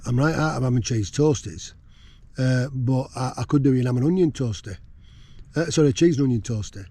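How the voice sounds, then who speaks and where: A man's voice: medium pitch, fairly quick, warm tone, no room sound, natural voice. A man voicing a friendly, eager male barman in a joke.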